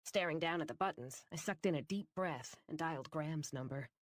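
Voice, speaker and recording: Audiobook narrator: woman, first-person fantasy read, low-ish voice, wry, dead-dry booth sound. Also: brisk, no room sound.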